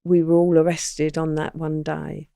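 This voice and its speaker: Gravelly older woman telling stories. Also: deep voice, unhurried, dry recording, studio quality. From England. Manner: animated storyteller, acts out quoted lines. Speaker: guest. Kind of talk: recounting crime memories in a podcast interview.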